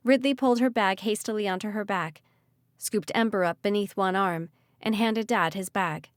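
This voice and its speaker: A woman reading a young-adult fantasy audiobook in an expressive, vivid way on a close mic. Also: medium pitch, moderate pace, no echo. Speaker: audiobook narrator. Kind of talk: audiobook narration.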